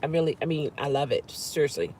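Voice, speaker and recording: A woman's voice: low voice, fast, a little mellow, slight background noise. A woman vlogging casually from her car, chatting and humming over her food. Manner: chatty, savoring food with hums. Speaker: vlogger and rideshare driver. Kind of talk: casual chat while eating in a car.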